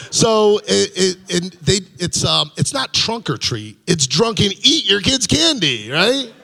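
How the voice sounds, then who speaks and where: A man's voice: high voice, sing-song, slow, vocal fry, bright, forceful tone. A middle-aged man doing a stand-up comedy set on a club stage, rambling loosely and chuckling at his own punchlines.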